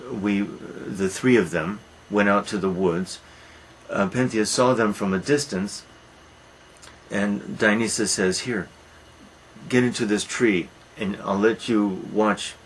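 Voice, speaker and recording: A man's voice: fairly low pitch, slight background noise, low-quality recording. A man lecturing on a Greek tragedy, retelling it as a dramatic storyteller who repeats words for emphasis. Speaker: literature lecturer.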